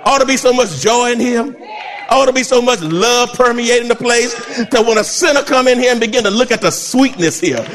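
A male pastor preaching an animated sermon. He acts out voices and breaks into shouts. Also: extremely high pitch, brisk, some chatter behind, slight background noise.

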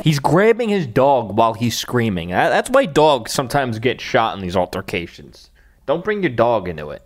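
A man's voice: mid-range voice, sing-song, moderate pace, heavy background noise. A man hosting a political commentary show, talking in a blunt, scornful and mocking way over clips.

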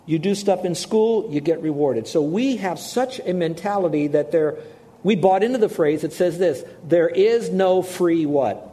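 A man's voice: a little high, moderate pace. An older man preaching a sermon, telling personal stories and acting out the people in them. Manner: storytelling, animated with acted-out quotes. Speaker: pastor.

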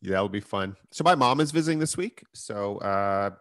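A man trades dry jokes as a podcast guest. His voice sits fairly low, and the sound is dry and close. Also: animated, moderate pace, fairly bright tone, no room sound. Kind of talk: casual podcast chat.

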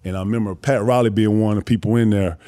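A man telling stories casually, animated and profane, acting out other people's voices. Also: on the low side, racing. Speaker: guest storyteller. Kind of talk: casual storytelling.

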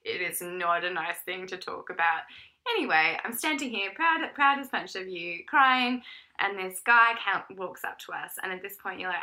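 A woman's voice: mid-range voice, normal speed, poor audio. A woman in her thirties, frankly telling a personal story in casual chat as a co-host. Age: 30s. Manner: frank storytelling, lively and animated. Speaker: podcast co-host.

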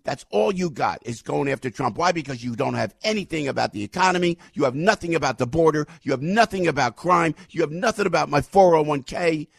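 A man hosting a talk show, giving fired-up political commentary, ranting, repeating himself and bursting into shouts. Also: a little high, lively intonation, brisk, vocal fry, few pauses, dry recording, studio quality.

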